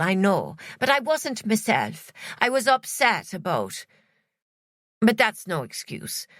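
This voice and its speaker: A woman's voice: mid-range voice, a bit bright, dry recording, studio quality, heavily acted. Woman doing a pleading Irish man. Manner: pleading, apologetic. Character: scrawny sick Irish man, pleading and remorseful.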